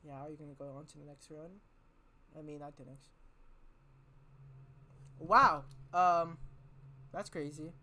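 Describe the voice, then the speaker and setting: A woman giving casual gameplay commentary, excitable and prone to loud exclamations. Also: low voice, unhurried, long pauses. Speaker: let's player.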